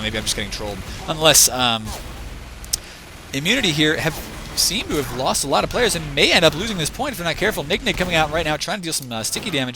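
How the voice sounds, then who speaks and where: A man's voice: a little high, background noise. A man commentating a competitive team shooter match live as caster, rambling and thinking aloud, with a voice worn thin from a long event. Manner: rambling, restless, thinks aloud, chides the camera. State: losing his voice. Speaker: esports shoutcaster.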